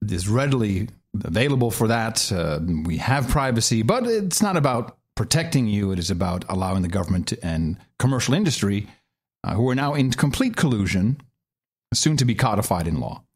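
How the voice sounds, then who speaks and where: A middle-aged man co-hosting a political podcast, mocking clips with sarcastic, animated remarks. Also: fairly low pitch, fairly quick, husky. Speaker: podcast co-host. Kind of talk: casual political commentary.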